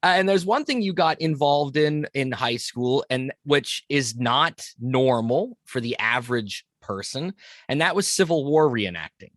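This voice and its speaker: A man hosting a podcast, speaking in a reflective, soft-spoken way in casual conversation on a front porch. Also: medium pitch, expressive, measured pace, dry recording, studio quality. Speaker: podcast host.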